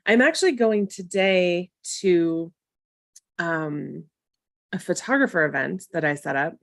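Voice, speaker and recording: A woman's voice: lowish voice, expressive, measured pace, vocal fry, dry recording, studio quality. Chatty, encouraging woman on a live stream. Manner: chatty, encouraging, with tough-love asides. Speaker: marketing coach hosting a live Q&A. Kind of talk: casual live-stream talk to viewers.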